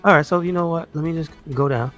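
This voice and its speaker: A man's voice: a little high, fast, fairly bright tone, faint music behind. A man co-hosting a podcast, chatting casually about a movie and reading out its cast with lots of fillers. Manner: rambling, reads out cast lists with fillers. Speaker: podcast co-host. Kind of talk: casual movie review chat.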